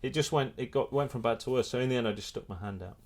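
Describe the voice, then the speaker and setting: A middle-aged man, a photographer and filmmaker, telling a lively anecdote in a casual interview, restarting his sentences often. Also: medium pitch, fast. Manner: animated storyteller, many restarts.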